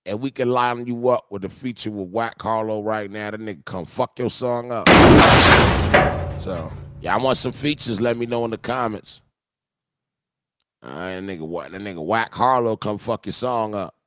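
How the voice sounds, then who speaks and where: A man's voice: lowish voice, normal speed. Profane joking livestream music reviewer man. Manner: profane, joking, bursts of loud mock voices. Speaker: live music review streamer. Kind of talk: loose livestream banter with chat.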